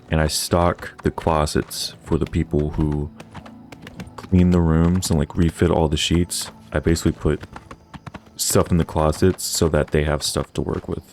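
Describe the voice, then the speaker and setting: Deep-voiced young man, rambling gaming chat, lots of filler words, faint music behind. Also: darkish tone. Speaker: gaming channel host. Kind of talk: casual chat over gameplay.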